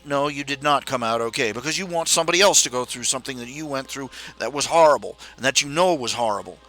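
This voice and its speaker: A man's voice: medium pitch, fast talker, few pauses, sharp tone, faint music behind, low-quality recording. A man hosting a casual talk stream, ranting with many restarts and jumping into raised, mocking voices when he quotes his parents. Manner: rambling with restarts. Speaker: podcast host. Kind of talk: casual rant.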